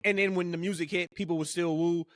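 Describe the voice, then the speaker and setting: A man's voice: sits high, fairly even intonation, quick pace. A man co-hosting a podcast, chatting casually and rambling with lots of "like" and "you know". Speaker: podcast co-host. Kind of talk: casual chat.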